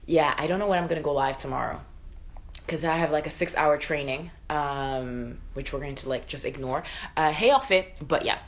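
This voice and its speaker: A young woman hosting a casual live stream from home, chatting warmly with viewers, answering their comments and laughing often. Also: low-pitched, moderate pace.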